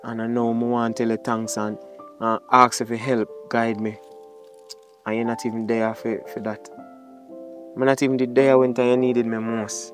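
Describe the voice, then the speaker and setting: A man's voice: medium pitch, lightly acted. A man with a Jamaican accent playing a remorseful grown son who pleads with his mother for forgiveness in a drama monologue, over music. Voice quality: Jamaican patois phrasing, pleading.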